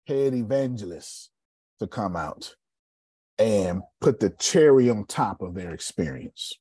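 Man with running a sales seminar, jokey and animated, lowish husky voice. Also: unhurried, dry recording. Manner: animated, joking, asks the room for agreement. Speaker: sales coach. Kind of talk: casual seminar talk to a group.

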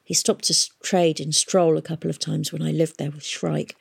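A woman reading a novel aloud, voicing a blunt, hard-bitten young woman who speaks curtly and flatly. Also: sits low, moderate pace, creaky, breathy edge, dry recording, clean studio sound, full character voice. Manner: curt and flat.

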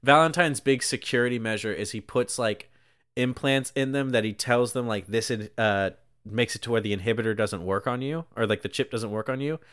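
A man's voice: medium pitch, a little fast, a bit bright, smooth, no room sound, studio quality. A young man casually recapping a movie on a podcast, rambling and peppering his talk with "like" while acting out lines. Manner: rambling, heavy use of "like", acts out quotes. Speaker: podcast co-host.

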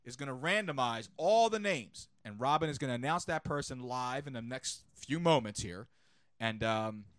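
A man's voice: medium pitch, lively intonation, moderate pace, fairly bright tone, no room sound, clean studio sound. A man acting as producer and sidekick on a sports podcast, eager and agreeable in casual chat.

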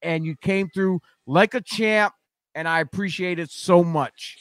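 Male podcast host, high voice, rambling with restarts, dry close recording. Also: unhurried, a bit bright, no echo. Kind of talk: casual podcast chat.

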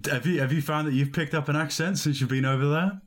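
A man's voice: a little high, quick pace. A man from northern England, with only a faint accent left, hosting the interview in a friendly, eager way. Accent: light northern English. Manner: friendly, eager, laughs easily. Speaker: interview host. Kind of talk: casual conversational interview.

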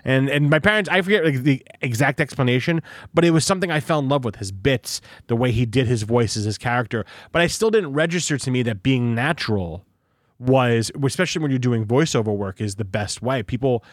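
Brisk and lively in intonation, a mid-range male voice carries a casual interview chat on his podcast, rambling, repeating points, and cursing often. The audio is studio quality with no echo.

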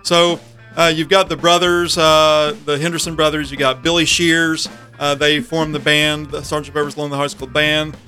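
A man's voice: fairly high pitch, level tone, normal speed, bright, forceful tone, faint music behind. A man on a podcast as guest, recounting facts and summing up a film in casual chat.

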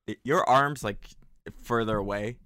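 A man chatting casually at a desk microphone as he watches a movie, tossing out joking, animated asides. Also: fairly low pitch, unhurried, no room sound, studio quality.

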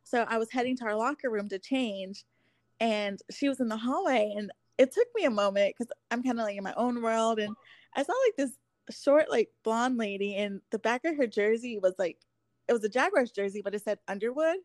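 A young woman in her twenties talks casually as a podcast guest, her voice sitting a little high. She tells stories with energy, slipping into quoted voices and giggles. The sound is close and dry with no room around it. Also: a little fast, no echo. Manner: animated storyteller acting out quotes, giggly. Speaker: podcast guest, former pro cheerleader. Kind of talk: casual chat.

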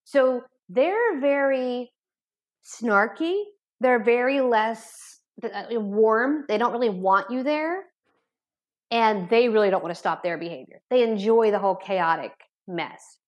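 A woman's voice: fairly high pitch, takes it slowly, muffled recording. A middle-aged woman, a recovery coach, talking bluntly in an interview and acting out the dialogue as she tells her stories. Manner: blunt, acts out dialogue in lively storytelling. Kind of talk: casual interview storytelling.

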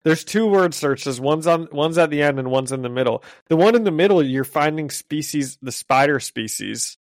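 A man co-hosting a podcast, casually recapping a kids' comic in a loose, laughing way with quick paraphrased quotes. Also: a little high, no echo. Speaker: podcast co-host. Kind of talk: casual chat, retelling a comic.

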